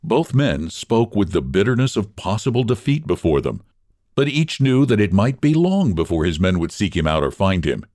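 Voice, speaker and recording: A man narrating a story in an expressive, measured reading. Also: fairly low pitch, no room sound, studio quality.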